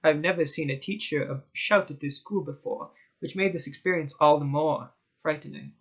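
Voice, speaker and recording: A man's voice: a little high, normal speed, gravelly. Man reading a horror story, lo-fi. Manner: dramatic first-person narration, hushed at tense moments. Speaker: story reader. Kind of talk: horror story read aloud.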